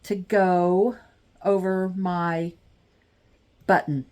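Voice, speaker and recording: Slow-talking excitable woman vlogger. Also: on the low side, clear, resonant tone. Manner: gushing, excitable, chatty with viewers. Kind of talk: casual unboxing vlog.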